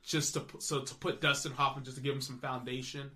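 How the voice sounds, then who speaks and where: A man co-hosting a podcast, chatting casually about movies in an animated, rambling way full of fillers and restarts. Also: mid-range voice, quick pace. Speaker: podcast co-host. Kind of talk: casual film chat.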